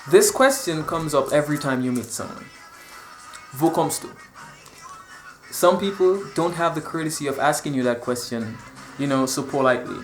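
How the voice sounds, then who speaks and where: A young man from Dominica talks casually to camera in an animated way. He repeats words and acts out conversations as he goes. The room is echoey and faint music plays behind him. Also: fairly high pitch, a little fast, hardly any pauses. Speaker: vlogger. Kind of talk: casual storytelling vlog.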